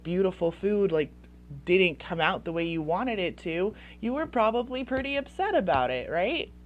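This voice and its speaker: Chatty low-voiced woman giving parenting advice. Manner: chatty, heavy use of "like" fillers. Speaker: parenting coach. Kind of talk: casual advice talk to camera.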